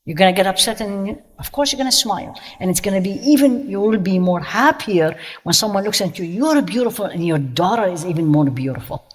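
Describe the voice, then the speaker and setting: A woman gives a religious talk to women and keeps turning to her listeners with questions. Her English has a slightly non-native turn of phrase, and her voice sits at a middle pitch for a woman. The sound carries a long hall reverb. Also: animated, brisk, hardly any pauses. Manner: conversational, asks the audience questions. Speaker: Islamic teacher.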